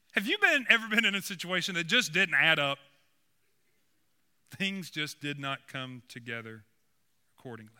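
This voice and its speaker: A man's voice: on the high side, sharp tone, smooth. A man preaching a sermon as pastor, earnest and building to emphatic points.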